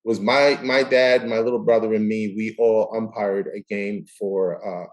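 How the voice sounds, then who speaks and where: A middle-aged man, a guest in a casual chat, tells stories and acts out quoted dialogue in an animated way. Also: fairly low pitch, measured pace. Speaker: guest, baseball umpire.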